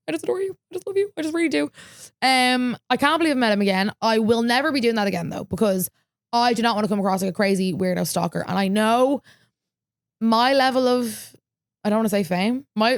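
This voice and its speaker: A woman's voice: mid-range voice, no echo, clean studio sound. Chatty woman podcast host. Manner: chatty storytelling, filler-heavy, quotes herself. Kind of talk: casual chat.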